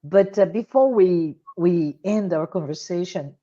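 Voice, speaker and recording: Hoarse woman on a dull line. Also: fairly low pitch, a little slow, dark tone. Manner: apologetic, hesitant. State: losing her voice.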